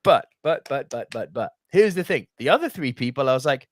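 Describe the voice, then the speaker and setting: A man's voice: mid-range voice, very animated, fairly quick, dry recording, studio quality. A young man co-hosting a podcast, chatting casually with jokey, swearing rants. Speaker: podcast co-host. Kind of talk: casual chat.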